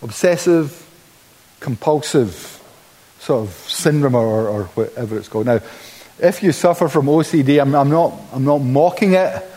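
A man's voice: mid-range voice, moderate pace, big-room sound, rough recording. A man preaching a sermon, acting out the quotes he reads with sudden exclamations. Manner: animated, dramatizes quotes with exclamation. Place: church.

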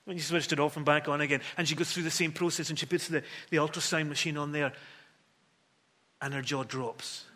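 A man preaching a sermon, telling a story with acted-out dialogue and moving between hushed and emphatic delivery. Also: on the high side, fairly even intonation, brisk.

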